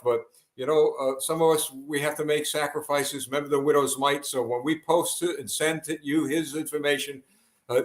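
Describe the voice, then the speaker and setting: A man hosting a live broadcast, earnest and halting, with many fillers and restarts. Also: medium pitch, echoey room.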